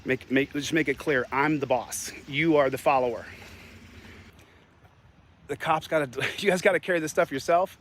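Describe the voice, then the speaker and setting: A man's voice: fairly high pitch, moderate pace, pauses often, a bit bright, slight background noise. Combative man taunting police outdoors. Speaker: independent journalist filming police. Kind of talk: street confrontation. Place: outdoors, public parking lot.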